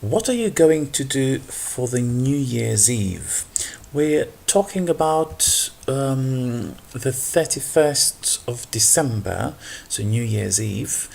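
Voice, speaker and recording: A man's voice: medium pitch, expressive, slow, creaky, a little mellow. A man explaining English grammar in an unscripted lesson, patient and full of ums, switching to a livelier voice for example sentences. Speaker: English teacher.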